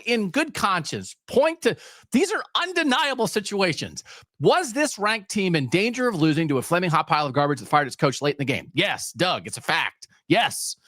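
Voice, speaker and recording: Lively ranting sports podcast host, man. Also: high voice, dry recording, clean studio sound. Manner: sarcastic, emphatic, ranting. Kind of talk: solo sports rant.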